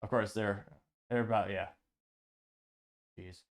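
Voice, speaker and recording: A man hosting a political commentary show, sarcastic and halting, stumbling over words and restarting. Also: fairly low pitch, steady tone. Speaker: host.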